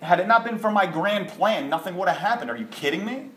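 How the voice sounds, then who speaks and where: A man's voice: high voice, lively intonation, brisk, fairly bright tone, pitched above the performer's own voice. A man voicing a self-important talking mind in a parable, insistent and smug. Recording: echoey room.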